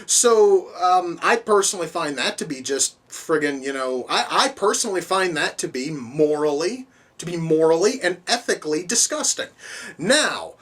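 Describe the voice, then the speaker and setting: A woman's voice: fairly low pitch, animated, normal speed, fairly bright tone, slightly rough. A woman reviewing a film in a casual, profane, rambling way, full of restarts and fillers. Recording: voice distant from the mic.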